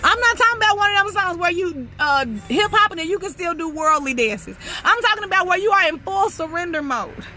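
A woman preaching a fervent sermon, repeating praise phrases and rising to shouts. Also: very high voice, expressive, brisk, few pauses. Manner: rhythmic repetition, rising to shouts. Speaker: prophetess preaching.

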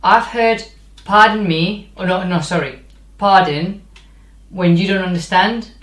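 A woman's voice: medium pitch, a little slow. A woman hosting a casual language vlog, chatty, searching for words and slipping in Spanish phrases. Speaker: English teacher and vlog host. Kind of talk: casual chat. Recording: echoey room.

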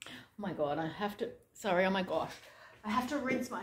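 A woman's voice: medium pitch, lively intonation, normal speed. A woman with an Australian accent chatting casually while making food at home, thinking aloud with self-deprecating asides. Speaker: vlogger. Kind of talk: casual cooking vlog chat. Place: home kitchen. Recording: echoey kitchen with dish clatter.

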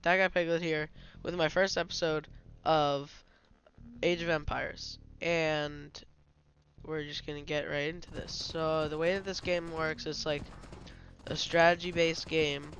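A man's voice: fairly high pitch, flat delivery, measured pace, a bit bright. A young man with a slight cold, casually commenting on a strategy game he is playing, explaining as he goes and stumbling over his words. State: slightly sick, coughing. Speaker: gaming channel host.

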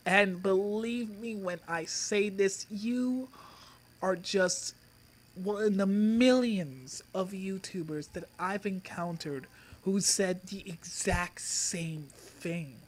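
Man, high-pitched, slow, mocking vlog rant, sneering, insulting. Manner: sneering, insulting, drawn-out pauses. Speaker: YouTube commentator. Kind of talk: mocking response-video rant.

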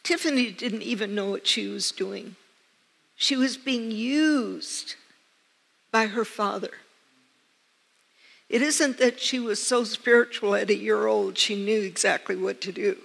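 A woman's voice: medium pitch, measured pace, vocal fry, fairly bright tone, breathy edge. An older woman preaching a sermon, telling personal stories with earnest, emphatic repetition. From United States. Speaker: pastor. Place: church sanctuary. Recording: long church reverb.

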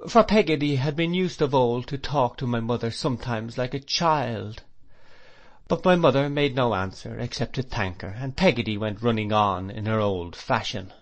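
A mid-range male voice reads from a classic novel for an audiobook, telling the story in a calm, even, measured way.

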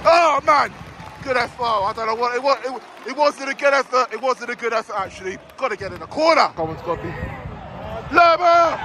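A man reacting live to a football match from the stands, shouting angrily at the referee. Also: very high-pitched, expressive, brisk. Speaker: football fan vlogger. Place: football stadium stands, outdoors. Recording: loud crowd and noise. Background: roaring crowd.

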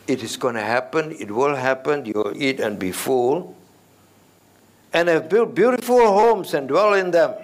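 A middle-aged man preaching an expository sermon as senior pastor, stressing key words and putting rhetorical questions to the congregation. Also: fairly low pitch.

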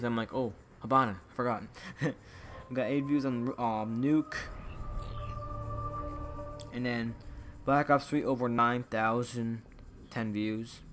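A young man with a medium-pitched voice runs his own gaming channel, chatting casually and restlessly with viewers, whom he calls "guys," as he opens supply drops. Slight background noise is present.

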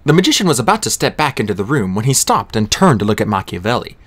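Expressive male audiobook narrator. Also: on the low side, quick pace.

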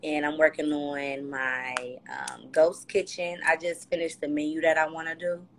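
A woman's voice: low-pitched, moderate pace, a little hiss or hum. Candid woman, casual slang. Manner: candid, loose, animated with slang. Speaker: reality show cast member, guest. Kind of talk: casual livestream interview. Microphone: phone on a live video call.

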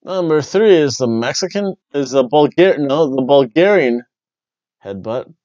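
A man hosting a wrestling review podcast, rambling and joking, jumping between loud bursts and mumbled asides. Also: fairly high pitch, lively intonation, measured pace, dry recording, lo-fi sound. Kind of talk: casual review chat.

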